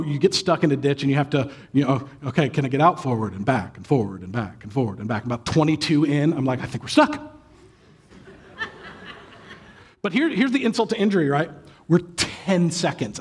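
A man in his thirties preaching a sermon, telling a family story with acted sighs and lively exclamations. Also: fairly high pitch, breathy edge. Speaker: pastor.

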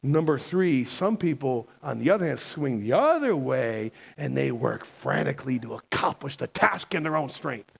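A man's voice: mid-range voice, lively intonation, moderate pace, vocal fry, hardly any pauses, breathy edge. A man preaching a sermon as a pastor, emphatic and conversational, often asking the congregation questions.

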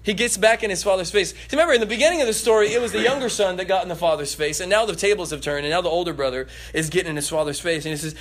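A man preaching a sermon in a lively way, acting out the voices in the story and joking with the congregation. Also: high voice, rapid-fire, few pauses. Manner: animated, acts out voices, laughs and jokes.

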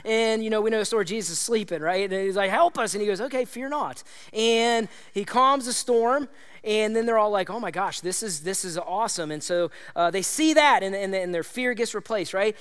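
A man preaching a sermon as pastor, animated and conversational, acting out quoted voices and calling out to the congregation. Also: high-pitched, fairly quick, clean tone.

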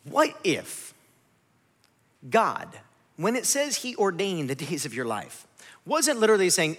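A man gives a sermon in a high, bright voice that rises and falls with lively swings. He talks to the congregation in a casual, joking way. The sound carries the long reverb of a large hall. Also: unhurried, pauses often. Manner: animated, conversational, jokes with the audience. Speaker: pastor.

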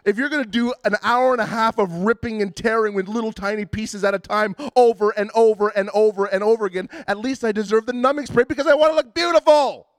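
Male preacher, relaxed storytelling delivery with false starts, slightly raised pitch, dry recording. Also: quick pace, hardly any pauses, dry recording. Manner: conversational and self-deprecating, with frequent restarts. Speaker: pastor. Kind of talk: sermon.

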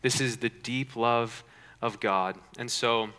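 A pastor preaching with earnest conviction, asking his listeners questions and dropping into quiet pauses for effect. His voice is bright and forceful, and it carries a long reverb through a church hall. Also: mid-range voice, fairly even intonation, clean tone. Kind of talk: sermon.

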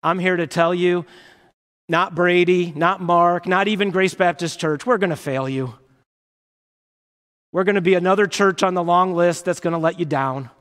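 A man's voice: sits high, steady tone, normal speed, fairly bright tone. A man preaching a sermon as pastor, passionate and emphatic, full of rhetorical questions. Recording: reverberant church hall.

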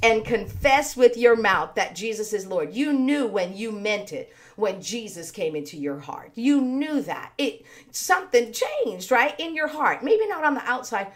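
A woman with a bright, high voice preaches in an earnest, conversational way, taking her time over each thought. Her voice is a little raspy these days. She is leading an online worship service. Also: very animated, measured pace. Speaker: worship leader. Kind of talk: sermon with worship singing.

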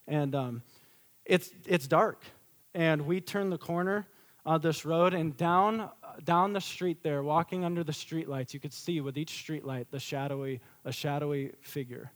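A middle-aged man preaching a sermon as a pastor, swinging from loud emphatic peaks to a quiet storytelling tone. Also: a little high.

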